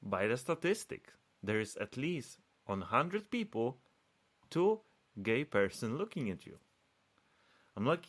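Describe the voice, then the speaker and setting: A man's voice: mid-range voice, sing-song, measured pace. A man speaking English as a second language, telling a story in casual podcast chat and acting out quoted dialogue in raised voices. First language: not English. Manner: searches for English words. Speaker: podcast co-host.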